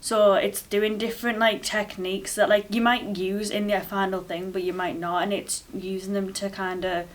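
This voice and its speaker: A woman's voice: medium pitch, little pitch movement, moderate pace, few pauses, far from the mic. A woman drama student explaining a project plan in rambling, filler-heavy casual talk.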